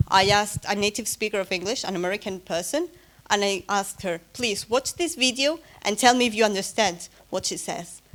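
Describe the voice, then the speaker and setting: An English-speaking woman wraps up an academic conference with a closing presentation in a medium-pitched, fairly bright voice. She speaks hesitantly, with frequent fillers, some self-corrections and light humor.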